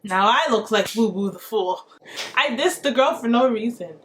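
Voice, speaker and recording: A woman hosting a reaction video, commenting in a playful, sassy and animated way. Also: a little high, moderate pace, a little hiss or hum.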